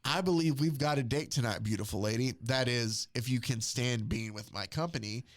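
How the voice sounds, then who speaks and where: Man voicing a smooth, earnest comic-book husband, slightly lower than his own voice. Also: moderate pace, natural voice. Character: earnest young husband, romance-comic hero.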